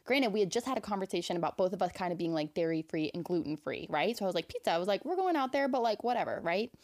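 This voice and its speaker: Chatty woman on a podcast, full of likes, all worked up and laughing, middle-pitched voice. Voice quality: fast, chatty, packed with "like" fillers. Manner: animated, incredulous, laughs often. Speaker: podcast co-host. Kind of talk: casual storytelling chat.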